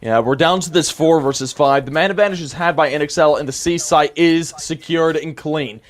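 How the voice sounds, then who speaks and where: A man with a high voice calls an esports match live. He is emotional and breaks into frustrated shouts at the players' mistakes. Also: a little fast. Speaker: esports caster. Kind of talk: live play-by-play commentary.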